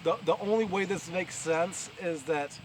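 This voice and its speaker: A vlogger with a high-pitched voice and a New York accent takes his time giving an offhand outdoor review. He leans on fillers and restarts, and far-off heavy machinery plus traffic create loud background noise.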